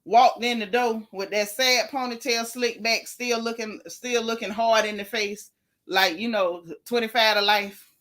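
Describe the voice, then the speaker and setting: A woman hosts a casual recap in a sassy, animated manner and leans into slang. Her voice is bright and forceful and sits a bit high. She tells the story with gossipy relish. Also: a little slow. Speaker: host. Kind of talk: casual reality TV recap commentary.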